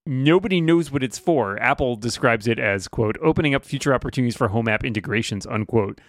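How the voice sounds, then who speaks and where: Man, podcast co-host, gravelly, dry close-mic sound, quick joking banter. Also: mid-range voice, dry recording. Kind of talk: casual chat.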